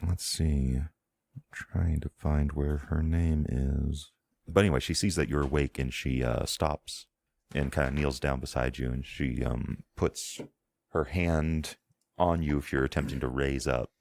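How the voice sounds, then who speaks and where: Very deep, gravelly man narrating a game. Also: fairly even intonation, a little slow, darkish tone, no room sound. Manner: meandering, descriptive, searching for words. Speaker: game master.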